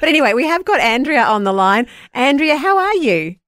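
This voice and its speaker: A woman's voice: high-pitched, very animated, a little fast, fairly bright tone, no echo. A bubbly Australian woman hosting a breakfast radio show, chatting with callers and laughing often. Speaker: radio host.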